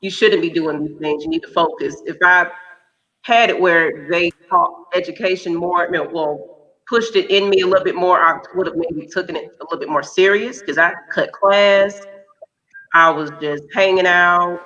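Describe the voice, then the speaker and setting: A woman's voice: fairly low pitch, moderate pace, pushed and bright. A woman in her thirties, a podcast co-host talking frankly and candidly in casual chat. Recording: dull lo-fi recording.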